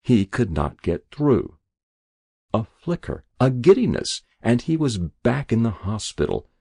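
A man's voice: medium pitch, big pitch swings, a little slow, vocal fry, dark tone, slightly rough, dry recording, clean studio sound. A man reading a story aloud, narrating expressively. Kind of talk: audiobook reading.

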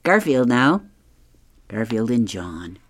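A reader works through the comics in an unhurried, even voice, chuckling now and then. The recording is dry and close. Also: medium pitch, no echo. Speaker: reader of advice column and comics. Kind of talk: reading comics aloud.

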